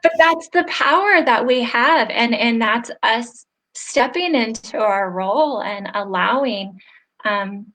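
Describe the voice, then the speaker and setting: A woman's voice: fairly high pitch, slow pace, pushed and bright, slight background noise. A woman hosting a live online interview, telling stories in an earnest, heartfelt way that grows emotional, heard over a video call. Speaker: host.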